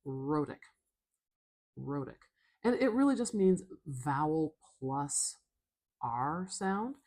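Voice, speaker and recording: A woman with a North American accent teaching pronunciation, patiently sounding out each syllable in a soft-spoken lesson. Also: deep voice, lively intonation, takes it slowly. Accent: North American English.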